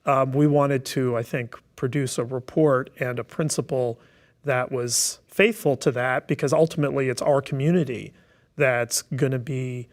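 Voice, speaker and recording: A man with a medium-pitched, steady voice speaks at normal speed in an online webinar as a task force member. His discussion is thoughtful and explanatory, though full of fillers and restarts.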